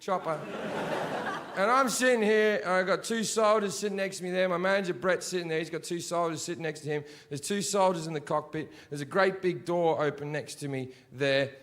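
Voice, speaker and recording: A middle-aged man with a high-pitched voice tells brash, profane stories on a comedy stage and breaks into shouted punchlines. His handheld mic is live, with plenty of room noise and audience laughter in the mix. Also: a little fast, few pauses. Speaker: stand-up comedian. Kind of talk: stand-up storytelling. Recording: live show audio with loud audience laughter.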